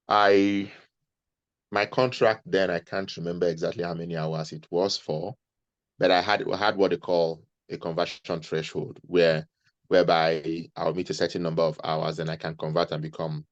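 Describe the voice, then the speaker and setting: A man's voice: low-pitched, no room sound, dull audio. A man, speaking as an interview guest, earnestly giving advice and often restarting his sentences. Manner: earnest, advising, repeats himself mid-sentence. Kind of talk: conversational interview.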